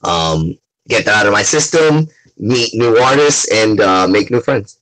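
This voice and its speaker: A man, a comic artist as guest, chatting excitably over a video call and often asking "you know what I mean". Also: on the low side, a little slow, rough recording. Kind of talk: casual chat.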